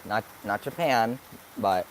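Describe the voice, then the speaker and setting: A man's voice: lowish voice, slow pace, a little hiss or hum. A young man in his late teens answering viewer questions on a live stream, upbeat and thinking aloud as he searches for words. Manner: upbeat, sometimes hyper. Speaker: vlogger.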